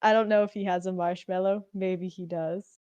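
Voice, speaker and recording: A woman's voice: on the low side, fairly even intonation, normal speed, darkish tone, smooth, no echo, highs cut off. Tentative woman player, dry sound. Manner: musing, tentative. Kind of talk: casual tabletop play.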